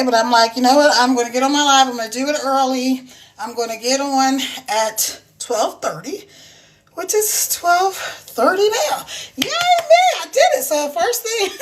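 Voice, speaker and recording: A bright, high-voiced woman hosts a casual livestream from home, speaking into her phone. She chats freely and laughs often, welcoming viewers as she moves about the house. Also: a little hiss or hum. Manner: walking around while talking. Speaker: livestream host.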